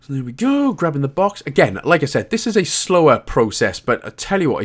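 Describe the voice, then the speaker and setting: A Welsh man hosting a game walkthrough, talking casually and joking with a laugh here and there. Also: medium pitch. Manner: chatty, jokey, laughs often. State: out of breath. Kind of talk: casual gameplay commentary.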